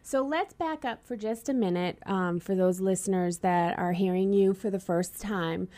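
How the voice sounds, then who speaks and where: A woman's voice: medium pitch, normal speed, warm tone. A woman with a Boston accent hosting a radio interview show in a friendly, chatty way.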